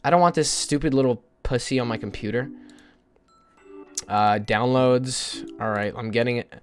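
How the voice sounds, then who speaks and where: A man's voice: mid-range voice, moderate pace, soft background music. A male streamer chatting casually with his viewers, rambling, joking, swearing and poking fun at himself. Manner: rambling, joking, profane, self-mocking.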